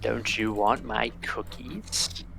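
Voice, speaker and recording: A man's voice: mid-range voice, steady tone, takes it slowly, vocal fry, a bit bright, a little hiss or hum. A man voicing a sweetly menacing old hag woman who coos falsely kind offers.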